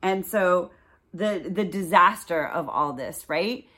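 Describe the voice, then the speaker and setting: Woman in her 40s doing a bible study, chatty and easygoing, a bit low voiced. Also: takes it slowly, pushed and bright. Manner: chatty, conversational, reads scripture aloud. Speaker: Bible teacher. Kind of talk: casual Bible study talk.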